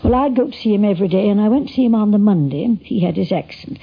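Brief: older woman, chatty archival reminiscence, gravelly husky voice, dull lo-fi recording. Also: medium pitch, expressive, racing. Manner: chatty, anecdotal, full of asides. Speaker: interviewee recalling a late friend.

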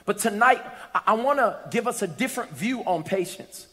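A man preaching a sermon, telling a funny story and building to loud, emphatic shouts. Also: high voice, animated, normal speed. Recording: reverberant hall.

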